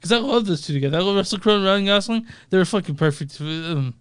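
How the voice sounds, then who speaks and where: A man's voice: high-pitched, expressive, quick pace, a bit bright, clean tone, dry recording, studio quality. A man co-hosting a movie podcast, laid-back and enthusiastic, swearing casually and reading out review scores. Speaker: podcast co-host.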